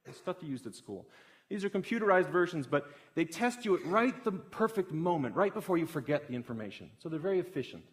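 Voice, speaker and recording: Animated young man telling a story. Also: fairly high pitch, fast. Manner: animated, builds excitement through a story. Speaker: speaker giving a talk. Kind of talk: storytelling public talk.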